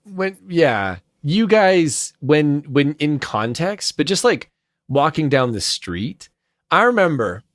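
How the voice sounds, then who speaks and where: A man's voice: a little high, sing-song, takes it slowly, dry recording, clean studio sound. A man who does cartoon voices, a guest in a casual interview, rambling through anecdotes with self-deprecating humor. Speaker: voice actor guest.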